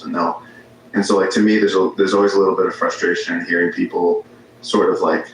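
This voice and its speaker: Man, very low voice, rambling storyteller, casual chat, echoey room, faint background hiss. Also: fast talker. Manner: rambling, restarts sentences, animated storytelling. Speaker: podcast guest.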